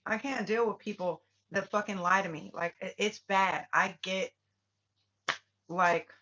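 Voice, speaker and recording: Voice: medium pitch, sharp tone, muffled recording. A spiritual reader talking in a casual vlog, blunt and profane, firing off repeated questions in heated bursts.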